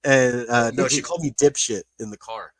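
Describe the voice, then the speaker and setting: A man's voice: medium pitch, normal speed, a crowd in the background. A man co-hosting a casual nerd-news podcast, telling a story with easy laughs and plenty of swearing. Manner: laid-back storyteller, swears and laughs often. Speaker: podcast co-host. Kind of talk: casual chat.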